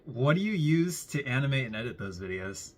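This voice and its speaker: Curious man asking quick questions. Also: medium pitch, sing-song. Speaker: interviewer, host. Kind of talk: casual interview chat.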